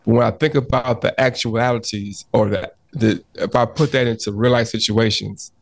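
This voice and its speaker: A podcast co-host with a creaky, mid-range voice argues his point in casual chat at a moderate pace. Animated, he restarts often and keeps saying "hold on" to cut in and hold the floor; there's no echo.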